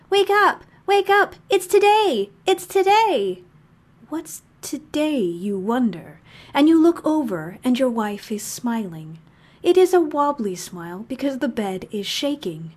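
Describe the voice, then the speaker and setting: A woman plays a cheerful, macabre monster hosting a fictional radio show from beneath the bed, using a measured announcer style steeped in morbid relish. Her voice is on the high side, husky and darkish in tone.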